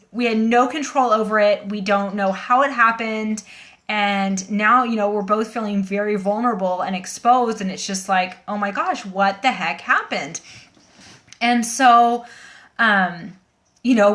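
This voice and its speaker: A woman's voice: medium pitch, fairly bright tone. A woman hosting a casual phone livestream, talking earnestly and rambling with many fillers, shaken and emotional. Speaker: livestream host. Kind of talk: casual livestream talk to viewers.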